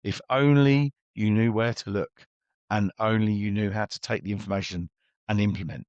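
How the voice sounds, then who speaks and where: A man's voice: fairly low pitch, steady tone, normal speed, a little mellow, dry recording, lo-fi sound. A middle-aged man, a business coach, talking bluntly and chattily as an interview guest and acting out his exchanges with clients.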